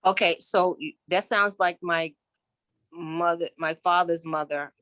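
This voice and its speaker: A woman answering questions at a spiritual reading, speaking haltingly with repeated restarts. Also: fairly low pitch, fairly even intonation, fairly bright tone, dry recording. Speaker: client at a psychic reading. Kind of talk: casual conversation.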